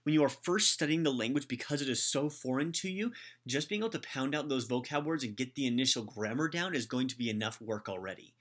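A man's voice: medium pitch, expressive, fast talker, a bit bright. A man hosting a language-study podcast, giving blunt, opinionated advice in a casual monologue with frequent restarts. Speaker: Japanese language podcast host.

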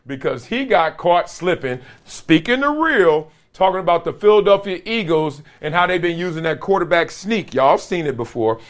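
Young adult man, podcast host, casual slangy sports chat with lots of laughs and lively pitch. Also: normal speed, few pauses. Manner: animated, slangy, laughs between jokes.

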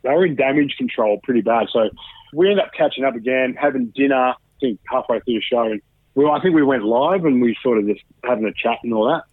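A man's voice: mid-range voice, fast talker. A man with an Australian accent calls in over a thin, phone-like line with no room echo. He tells his story casually and candidly, swearing freely and animating his retelling. He sounds like a man in his thirties. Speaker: guest. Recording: dry, tinny phone line.

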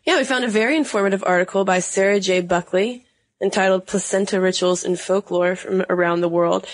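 A woman's voice: mid-range voice, fairly even intonation, fairly quick, dry recording. A woman co-hosting a podcast in casual chat, wry and questioning, laughing often. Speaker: podcast co-host.

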